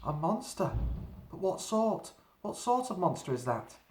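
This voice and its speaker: A man's voice: high-pitched, very animated, unhurried, darkish tone, recorded from a distance, voice pushed up. A man voicing a frightened, panicky young girl in a read-aloud storybook. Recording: roomy echo.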